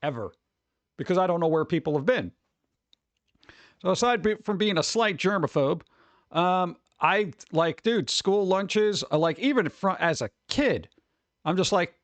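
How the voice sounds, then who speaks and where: Male streamer host, highish voice, rambling jokey chat, dry close mic. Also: a little slow, no echo. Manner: rambling, jokey and animated, with exaggerated rants. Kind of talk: casual chat reacting to viewer messages.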